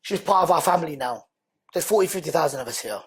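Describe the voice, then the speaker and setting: A man, a podcast guest, telling his story in a lively, conversational way and acting out the dialogue. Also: on the high side, fast, breathy edge. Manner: animated, acts out quoted dialogue.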